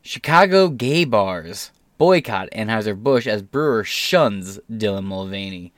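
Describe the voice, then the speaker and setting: A man hosting his own podcast, telling a story casually and getting loud and animated when he quotes people. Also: fairly low pitch, unhurried, dry recording, studio quality. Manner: animated storytelling, swearing, voice rising when quoting. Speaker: podcast host.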